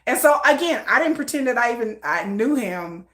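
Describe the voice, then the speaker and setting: A woman vlogger telling a story in a chatty, animated way with lots of fillers. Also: a little high, fairly quick, reverberant. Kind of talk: casual storytelling.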